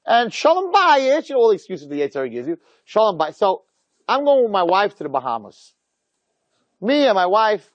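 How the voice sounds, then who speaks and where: Rabbi man telling a story, fairly high voice, super expressive ups and downs. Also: no echo, muffled recording. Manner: animated, emphatic storytelling. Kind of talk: storytelling talk.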